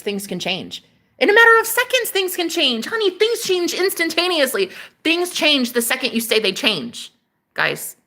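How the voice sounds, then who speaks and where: Fiery, bright-voiced woman ranting on a livestream. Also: mid-range voice. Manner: fiery, profane, preachy rant. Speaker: spiritual livestream host.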